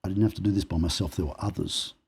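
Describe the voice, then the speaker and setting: A man's voice: low-pitched, racing, gravelly, husky. A man, a podcast guest, telling personal stories and acting out the dialogue as he goes. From Australia. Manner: animated storyteller who acts out quoted dialogue. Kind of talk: personal storytelling in conversation.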